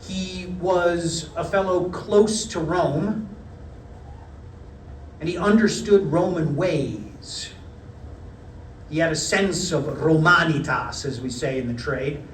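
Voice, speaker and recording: A man's voice: a little high, a little hiss or hum. Middle-aged guy reading his talk, dry wit, big roomy hall, sounds a bit far from the mic. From United States. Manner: measured, wry, storytelling delivery. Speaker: lecturer. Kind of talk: reading a prepared lecture. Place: parish hall.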